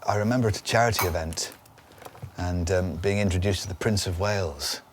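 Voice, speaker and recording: A man's voice: deep voice, fairly quick. A man chatting as a guest on a cooking show, playful and laughing often as he slips into impressions. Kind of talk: casual chat on a cooking show. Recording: faint background noise in a studio kitchen.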